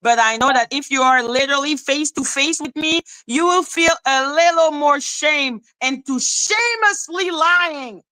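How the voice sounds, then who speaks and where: A woman's voice: high voice, unhurried, hardly any pauses, sharp tone, no echo, low-quality recording. A woman hosting a commentary channel, ranting in an exasperated, profane and mocking way and repeating questions in disbelief.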